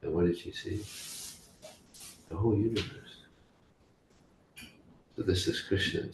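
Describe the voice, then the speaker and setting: A man teaching a scripture class, telling stories in a halting way with restarts. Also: low-pitched. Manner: halting, with restarts and story voices. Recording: echoey room, faint hiss.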